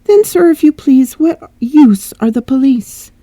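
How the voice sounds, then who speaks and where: A woman's voice: high voice, expressive, unhurried, mellow, dry recording, pitched above the performer's own voice. A woman voicing a fretful old English housekeeper. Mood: anxious fretting. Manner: fretful, complaining.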